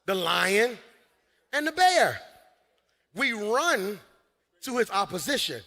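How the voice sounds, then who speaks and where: A man preaching from a church stage, his high voice rising into shouts and laughs. The tone is bright and forceful, and it rings out with a long tail of reverb across the large hall. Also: very animated, takes it slowly, gravelly. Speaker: pastor. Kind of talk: sermon.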